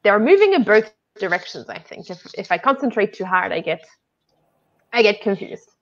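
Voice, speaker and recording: A woman from New Zealand with a New Zealand accent, co-hosting a live online English lesson, asking many questions and gently guiding. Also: mid-range voice, very animated, moderate pace, dull audio. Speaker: English teacher co-hosting a livestream.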